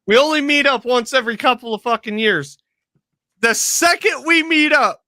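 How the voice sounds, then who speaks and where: A man's voice: extremely high pitch, animated, normal speed, bright, forceful tone, dry recording. A man co-hosting a casual podcast, telling rambling, profane stories. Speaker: podcast co-host. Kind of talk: casual chat.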